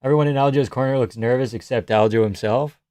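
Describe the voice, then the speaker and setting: A man's voice: medium pitch, fast, darkish tone, dry recording. A man casually commenting live on a fight night, swearing and laughing a lot. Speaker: live streamer. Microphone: headphones on, close mic.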